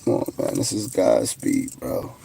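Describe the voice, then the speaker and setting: Gravelly brash New man streaming. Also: rumbling low, sing-song, unhurried, mellow, slight background noise. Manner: brash, boastful trash talk. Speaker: livestream host. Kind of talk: casual livestream chat, answering viewers.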